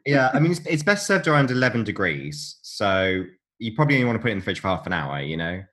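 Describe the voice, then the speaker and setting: A man with a very low voice that swings widely in pitch, co-hosting a casual chat. He explains things in a relaxed, jokey way and laughs often. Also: fast. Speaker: podcast co-host.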